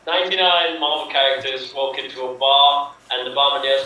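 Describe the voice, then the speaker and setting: A man tells improv jokes drily, his very bright voice dropping low for each punchline. He sounds far from the mic in an echoey room with faint noise behind him. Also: fairly even intonation, normal speed, hardly any pauses. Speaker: improv player. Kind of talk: telling quick improv jokes.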